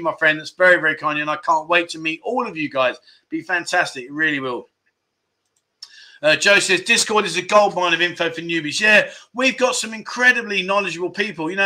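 A man hosts a casual livestream, reading out comments and thanking viewers by name. His voice is very bright and sits a little high, and he keeps the tone jokey and chatty. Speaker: livestream host.

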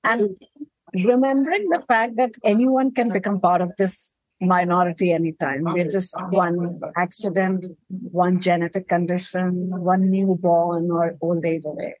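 A woman's voice: on the low side, steady tone, a little slow, darkish tone, dry recording, poor audio. Earnest woman, dry close sound. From India. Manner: earnest, persuasive, speaks with conviction. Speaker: guest, founder of an accessible travel company. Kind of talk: conversational podcast interview.

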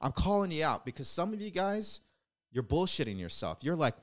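Speaking in a slightly high, sing-song voice at a moderate pace, a man hosts his podcast with a motivational monologue. He's blunt and preachy, swears casually, and keeps challenging listeners with rhetorical questions.

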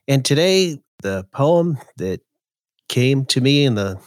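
A podcast host with a medium-pitched voice chats casually in a folksy way and reads his own poem aloud. His delivery is slow and relaxed, and the studio-quality recording has no room sound.

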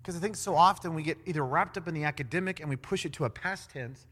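A man preaching a sermon in an animated way, acting out quoted voices with big swings in loudness. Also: fairly high pitch, quick pace, breathy edge. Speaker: pastor. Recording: long hall reverb.

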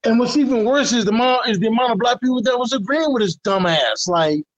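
A man's voice: very high-pitched, brisk, muffled recording. A man from Detroit and Houston, co-hosting a podcast in casual, profane, emphatic chat. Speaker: podcast co-host.

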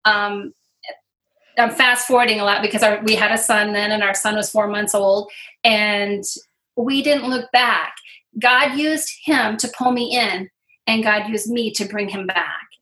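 A woman's voice: mid-range voice, steady tone, measured pace, pushed and bright. A middle-aged woman from Iowa, earnestly telling her faith story as an interview guest, with many fillers. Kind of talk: personal testimony.

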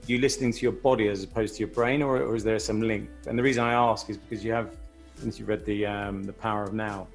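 A man's voice: fairly low pitch, steady tone, quick pace, soft background music. A man interviewing a guest, asking long rambling questions with many restarts. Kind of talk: conversational interview.

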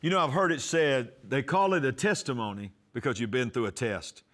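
A man pastor giving a testimony sermon, storytelling and acting out the dialogue, going soft and quiet for prayers. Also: mid-range voice, brisk, soft background music. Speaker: pastor and TV host.

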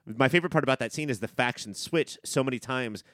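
A man's voice: mid-range voice, fast, fairly bright tone, no echo, clean studio sound. Laid-back man on a podcast. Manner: laid-back, swears casually. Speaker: podcast co-host. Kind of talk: casual movie-review podcast chat.

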